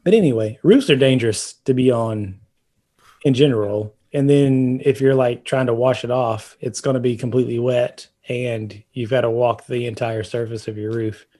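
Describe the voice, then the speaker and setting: Talking roofing on a laid-back home-repair podcast, this co-host keeps a steady, warm tone in a mid-range voice at a moderate pace. His long explanations are peppered with fillers and restarts.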